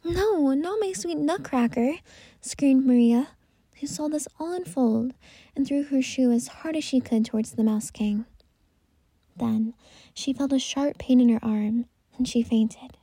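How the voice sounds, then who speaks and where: A woman tells a bedtime story in a gentle, unhurried voice that often drops to a whisper. Her tone is deeply mellow and breathy, and pitched a little high. The sound is close and dry. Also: dry recording.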